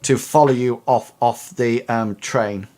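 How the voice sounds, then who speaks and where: A man narrating a tabletop game as game master. His voice sits at a middle pitch, and he pauses often, with fillers and restarts. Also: steady tone, darkish tone. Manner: halting, many fillers and restarts.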